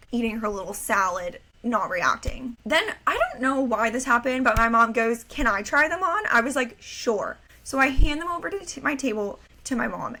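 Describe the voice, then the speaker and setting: A young woman co-hosts a casual podcast chat, spinning animated stories and playing out what her relatives said. Her voice is bright and forceful and sits a little high. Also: vocal fry. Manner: animated storyteller, acts out quoted family voices. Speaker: podcast co-host.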